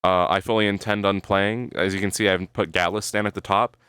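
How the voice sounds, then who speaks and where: Low, smooth-voiced man rambling to his chat. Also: steady tone, fast talker, fairly bright tone, no echo, clean studio sound. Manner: rambling, swears freely, keeps adding "right?"; talks to his chat while thinking aloud. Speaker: streamer. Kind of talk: casual live-stream chat.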